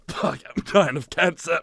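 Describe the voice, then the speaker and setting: A man in his twenties, a voice actor, reading text aloud in a hammy, profane way with loud outbursts and music underneath. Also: medium pitch, noisy background. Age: 20s.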